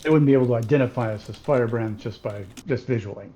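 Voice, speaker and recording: A man playing a tabletop game, talking in a halting, stumbling way. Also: mid-range voice, mellow. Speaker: player. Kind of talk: casual tabletop play.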